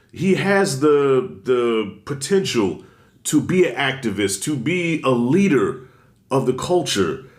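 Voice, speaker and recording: Emphatic man ranting in an echoey room. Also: mid-range voice. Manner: animated, emphatic and blunt, heavy slang. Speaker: commentary vlogger. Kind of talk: casual opinion commentary. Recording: roomy echo.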